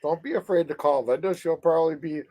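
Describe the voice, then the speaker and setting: A man joins a casual chat as a guest, agreeable and quick to back others up. His voice sits a little higher than most men's. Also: mellow. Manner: agreeable, keeps saying yeah.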